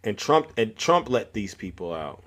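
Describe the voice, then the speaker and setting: A man's voice: on the low side, normal speed. A man hosting a live call-in stream, chatting casually about politics and calling listeners up by name. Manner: animated, calls out to listeners by name.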